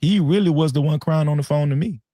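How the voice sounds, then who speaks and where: A man hosting a live stream, telling a story in a casual, animated and profane way. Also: a little high, quick pace, no echo. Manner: animated, profane, dramatic retelling.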